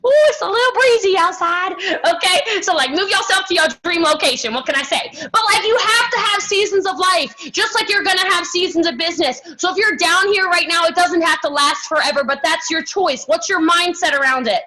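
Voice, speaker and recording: A woman giving an energetic motivational talk at a team training. She is sassy and emphatic, and keeps checking in with "okay?" and "right?". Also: very high voice, brisk, hardly any pauses, rough recording. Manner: animated and sassy, acts out other people's voices.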